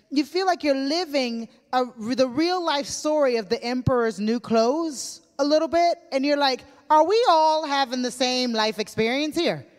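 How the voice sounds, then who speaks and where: A woman preaching a conversational sermon to a church, telling stories with casual fillers. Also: sits high. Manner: chatty storytelling with casual fillers. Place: church hall. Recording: long church hall reverb.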